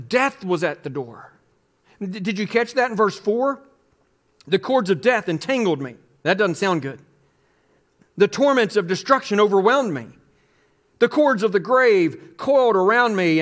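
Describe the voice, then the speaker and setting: A man with a notably high voice delivers a sermon as pastor. He speaks with earnest emphasis and reads scripture passages aloud to the congregation. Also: a bit bright.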